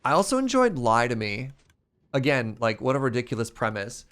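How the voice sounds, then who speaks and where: A man's voice: mid-range voice, sing-song, fairly quick, fairly bright tone, clean tone. A man streamer chatting casually with his chat while playing a game, laughing often.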